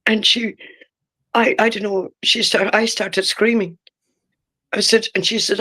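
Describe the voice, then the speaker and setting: Low-voiced older Irish woman, halting. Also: fairly even intonation, sharp tone, slightly rough. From Ireland. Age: 60s. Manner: halting, with broken-off restarts. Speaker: interviewee. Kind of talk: emotional personal testimony.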